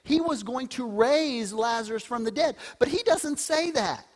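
A woman preaching a sermon. Her pitch swings widely as she tells the story, and she sinks to a hushed tone for solemn lines. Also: a little slow. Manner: animated storytelling, drops to a hushed voice for solemn verses.

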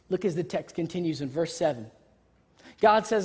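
Animated woman preaching in an echoing hall. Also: lowish voice, moderate pace, long pauses, slightly rough. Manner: animated, conversational, joking. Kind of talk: sermon. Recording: reverberant hall.

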